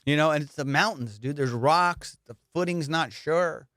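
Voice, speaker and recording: A man hosting a casual comedy podcast, telling stories in an animated, profane way and laughing often. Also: fairly high pitch, moderate pace, no echo, studio quality.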